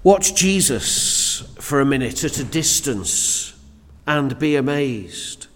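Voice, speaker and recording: A man's voice: medium pitch, very animated, takes it slowly. A man preaching a sermon to a church congregation in an earnest, emphatic way, often repeating words as he builds his points. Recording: reverberant church hall.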